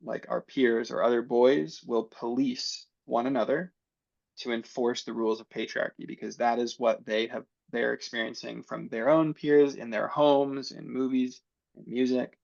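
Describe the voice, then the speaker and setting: A man's voice: medium pitch, little pitch movement, moderate pace, creaky, a little mellow, dry recording. A man talking as a podcast guest, explaining his views in a reflective way with many fillers. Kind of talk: casual conversation. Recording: dull, dry sound.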